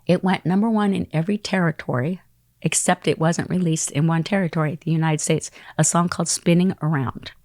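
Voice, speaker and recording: A middle-aged woman spinning a lively anecdote as a podcast guest. Her voice sits a little low for a woman and comes across dry and close. She acts out other people's lines and sometimes drops into a whisper. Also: brisk, no echo. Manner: acts out quoted voices and phone calls, dropping into whispers. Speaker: interview guest. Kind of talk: animated storytelling.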